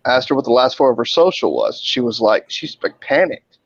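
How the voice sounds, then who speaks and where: A man's voice: mid-range voice, fairly quick, creaky, no room sound, muffled recording. A man who works in a hospital emergency room, telling stories in a casual group chat, swearing freely and acting out the people in them. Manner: animated, swearing, acts out voices in his stories.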